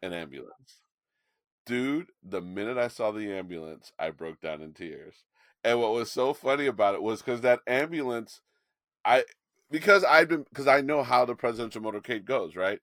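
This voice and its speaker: A man co-hosting a podcast, chatting casually about politics and telling an animated story with frequent restarts. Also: mid-range voice, normal speed, no echo, studio quality. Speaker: podcast co-host.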